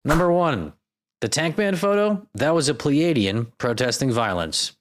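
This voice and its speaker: A man's voice: medium pitch, sing-song, a little slow, a little hiss or hum. A man hosting a comedic solo podcast, riffing sarcastically and with plenty of profanity. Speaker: podcast host.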